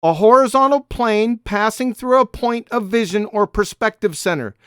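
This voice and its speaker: A man hosting a live call-in debate, reading definitions aloud slowly and insisting on his point. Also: sits high, animated, a bit bright, smooth, no room sound, studio quality. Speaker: host.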